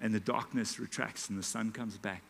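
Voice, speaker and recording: A man, preaching a sermon in a church and telling a story dramatically, dropping to a hush and rising to loud calls. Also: fairly low pitch, fairly even intonation, normal speed, gravelly, a little hiss or hum. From South Africa. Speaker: pastor. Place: church auditorium. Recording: live church hall reverb.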